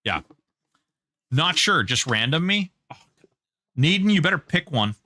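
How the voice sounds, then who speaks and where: A man's voice: fairly high pitch, big pitch swings, unhurried, pushed and bright, dry recording. A man streaming gameplay live, joking with chat and hyping up giveaways. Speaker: game streamer.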